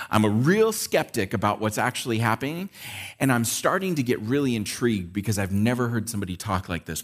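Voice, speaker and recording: A man's voice: medium pitch, fairly bright tone. Man preaching in a chatty, conversational way. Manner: conversational preaching with frequent "right?" check-ins. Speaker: pastor. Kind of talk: sermon.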